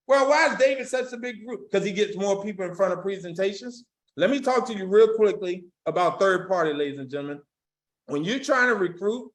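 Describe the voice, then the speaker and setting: A man's voice: high voice, fairly bright tone. A man coaching sales agents in a motivational training talk, emphatic and folksy, repeating his key lines and speaking straight to the audience. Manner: casual, folksy phrasing. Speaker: insurance sales recruiting trainer.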